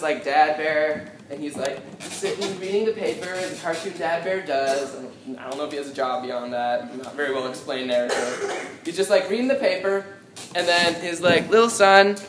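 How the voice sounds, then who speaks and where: A man's voice: on the high side, normal speed. A young man doing live stand-up comedy in a small coffeehouse, rambling and self-deprecating with lots of ums. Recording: echoey room, noisy live audience.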